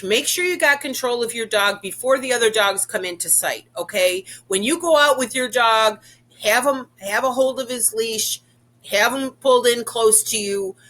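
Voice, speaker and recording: A woman's voice: a little high, sharp tone. A woman giving casual, chatty dog training advice, often repeating her points and checking in with "okay?". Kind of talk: informal instructional talk.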